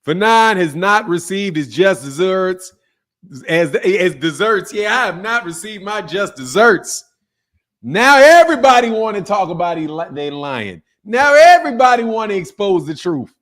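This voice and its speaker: A man with a fairly high voice hosts a live boxing stream and trash-talks with swagger. He laughs a lot and speaks. His delivery swings from shouted outbursts to low mutters. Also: big pitch swings, a little slow. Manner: brash, trash-talking, laughs often, swings from loud to low. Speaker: boxing channel host. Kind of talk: live stream commentary with viewer chat.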